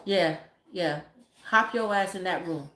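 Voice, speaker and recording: A woman's voice: fairly low pitch, unhurried, bright, forceful tone. Blunt, profane woman in a roomy space. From Caribbean family. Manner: blunt, profane, laughs a lot. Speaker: livestreamer and mother. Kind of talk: casual livestream chat. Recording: roomy echo.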